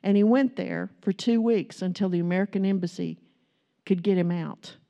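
A woman's voice: fairly low pitch, moderate pace, warm tone. A woman preaching a sermon, telling a story that builds into impassioned, emphatic preaching.

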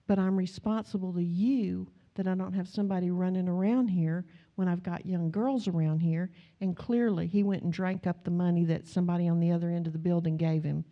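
A woman preaching a sermon in a conversational, storytelling way, acting out the people in her stories. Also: lowish voice. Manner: conversational, folksy, animated in quoted retellings. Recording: dull lo-fi sound.

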